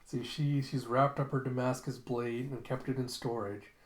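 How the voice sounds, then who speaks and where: A man's voice: medium pitch, level tone, moderate pace, echoey room. A man casually narrating a comic recap as host, chatty and laughing often. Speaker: comic read-along host.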